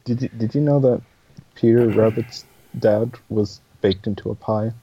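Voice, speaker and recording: A man's voice: lowish voice, steady tone, normal speed, slightly rough, muffled recording. A man co-hosting a casual chat, laid-back and offering brief remarks. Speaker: podcast co-host.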